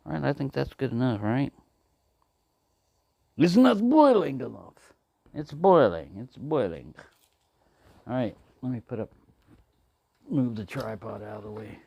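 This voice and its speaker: A man's voice: mid-range voice, lively intonation, moderate pace, vocal fry, long pauses, mellow, husky, lo-fi sound. A man talking casually to the camera as he cooks, rambling, talking to himself and answering in silly voices. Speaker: outdoor cooking vlogger. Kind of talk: casual talk to camera while cooking.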